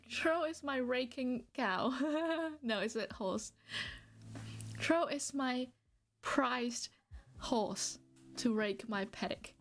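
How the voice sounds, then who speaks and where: Woman, streamer, teasing, giggly, unhurried, high-ish voice. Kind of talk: casual live-stream chat.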